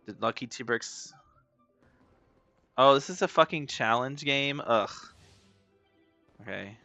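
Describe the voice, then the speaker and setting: A man streaming a game, chatting casually in a playful, rambling way with swearing and sudden loud excited outbursts. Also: medium pitch, takes it slowly, dry recording, soft background music. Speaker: gaming streamer. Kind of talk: casual live gameplay commentary.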